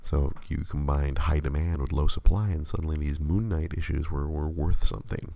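Man, very low voice, gravelly, dark tone, dry close sound, stammering casual chat. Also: little pitch movement, moderate pace, no room sound. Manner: rambling, stammering restarts. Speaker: podcast host.

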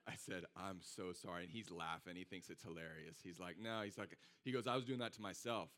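A man's voice: deep voice, a little fast. A man preaching a sermon in a casual, conversational way, telling a personal story and acting out what his friends said. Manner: animated, conversational, acts out quoted friends. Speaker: pastor.

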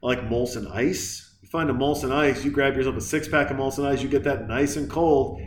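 A man rambling through a comedic movie recap, profane and excitable, jumping from point to point. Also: mid-range voice, brisk, reverberant, slight background noise. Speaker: movie reviewer.

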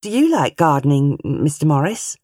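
A woman reading an audiobook, voicing a shy but eager young woman who gardens, with a bright, friendly manner. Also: deep voice, big pitch swings, normal speed, husky, dry recording, studio quality, exaggerated voice.

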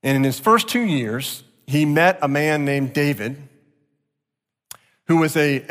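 A man preaching a sermon as pastor, expressive, jumping up in pitch to act out quotes. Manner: expressive, acts out quotes with sharp jumps in pitch. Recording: long reverb of a large hall.

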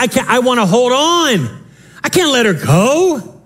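A pastor in his thirties delivering a lively sermon, telling a family story and acting out quotes. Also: very high voice, unhurried. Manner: animated, storytelling with voiced quotes. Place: church sanctuary.

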